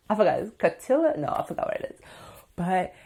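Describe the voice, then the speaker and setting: A chatty woman vlogger in her thirties tells a story straight to camera. Her voice sits a little low, and she gets excitable, filling her sentences with "like" and calling out to her viewers. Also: normal speed, creaky, background noise. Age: 30s. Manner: excitable and chatty, full of "like" and "you guys".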